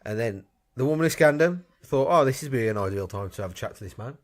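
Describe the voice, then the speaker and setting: A man's voice: mid-range voice, lively intonation, fast talker. A man co-hosting a podcast, telling rambling, self-mocking stories in casual chat. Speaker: podcast co-host.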